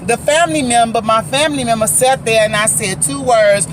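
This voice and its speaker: A woman's voice: on the high side, moderate pace, background noise. A woman vlogger telling a story-time account into her phone, emphatic and talking straight to viewers as "guys.". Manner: emphatic, keeps addressing viewers as guys and asking their opinion. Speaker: vlogger and faith prophetess.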